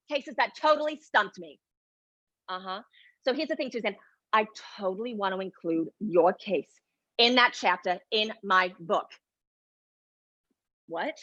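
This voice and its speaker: A woman's voice: medium pitch, lively intonation, measured pace, bright, forceful tone, no echo, lo-fi sound. A woman playing a brash, self-important middle-aged adoption searcher with a New Jersey accent, in a solo stage monologue. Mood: brash, breezy. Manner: self-important, breezy, defensive.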